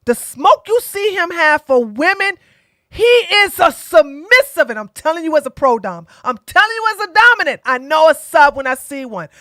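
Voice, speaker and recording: Blunt, high-voiced woman commentator. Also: normal speed, no room sound, studio quality. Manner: blunt, animated, with mocking impressions. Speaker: online commentator and streamer. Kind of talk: opinionated commentary.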